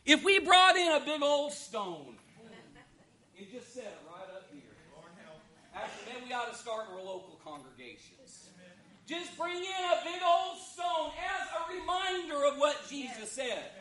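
Very high, bright-voiced male preacher. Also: animated, unhurried. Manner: swings from hushed asides to shouted exhortation; asks the congregation repeated rhetorical questions. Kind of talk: sermon.

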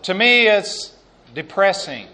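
Slow, bright-voiced male preacher. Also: sits high, sing-song. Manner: slow, emphatic preaching, dropping to quiet asides. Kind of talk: sermon with scripture reading.

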